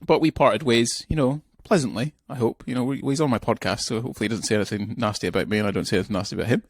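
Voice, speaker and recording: A man's voice: medium pitch, rapid-fire, no echo. A man hosting a casual podcast, introducing his guest with rambling, jokey banter. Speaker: podcast host.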